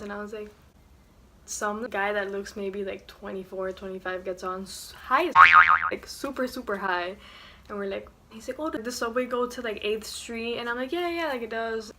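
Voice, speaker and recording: A young woman vlogging from her dorm room at night, telling a story casually with lots of filler words. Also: mid-range voice. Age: young adult. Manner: chatty, lots of "like" fillers, animated retelling. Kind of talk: casual story time vlog.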